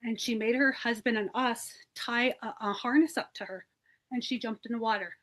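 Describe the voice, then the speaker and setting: A woman's voice: fairly high pitch, fairly even intonation, moderate pace, a bit bright. A woman from a search and rescue team, telling her story in a plain-spoken, rambling way with many fillers over a video call. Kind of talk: personal storytelling in an interview.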